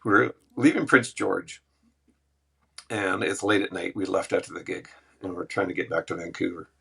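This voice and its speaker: Gravelly-voiced man telling road stories. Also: low-pitched, normal speed. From Western Canada. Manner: animated, laughing anecdotes with acted quotes. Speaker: musician guest. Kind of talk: casual storytelling.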